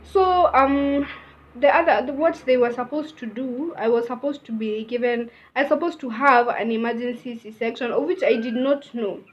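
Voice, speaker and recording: Young Kenyan woman, vlogger, casual chatty storytime, high-ish voice, lo-fi muffled mic. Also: moderate pace, slight background noise. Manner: chatty, mixes in Swahili phrases.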